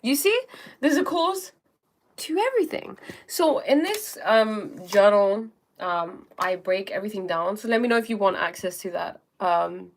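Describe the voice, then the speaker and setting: A woman's voice: mid-range voice, lively intonation, unhurried. Young woman host, chatty and informal, middle-range voice, talks straight to viewers. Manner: chatty, repeats "okay?" and "um", acts out little scenes. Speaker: live stream host. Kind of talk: casual live-stream talk on self-help.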